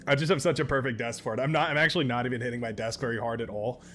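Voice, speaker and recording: Guy streaming a game, rambly and self-critical, average pitch, a little music faint behind. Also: fairly even intonation, racing, bright, forceful tone. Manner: self-critical, grumbling, chatty. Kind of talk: casual live commentary.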